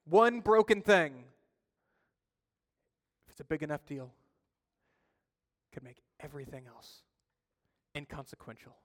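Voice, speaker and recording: A slightly high-voiced man preaching in a church, his voice carrying a long hall reverb. He tells stories with animated emphasis, then drops to quiet, hushed asides. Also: unhurried, pauses often. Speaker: pastor. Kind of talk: sermon.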